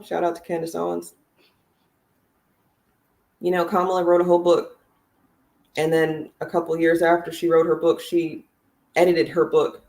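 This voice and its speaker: Woman, livestream commentator, gravelly voice, blunt, sarcastic, profane. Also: low voice, little pitch movement, normal speed, long pauses, a little mellow.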